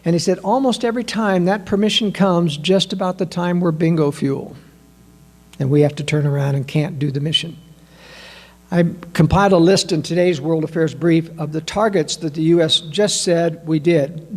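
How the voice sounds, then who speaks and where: On the high side, this man's voice delivers an emphatic political analysis talk packed with rhetorical questions. He is a political commentator who addresses his listeners as ladies and gentlemen.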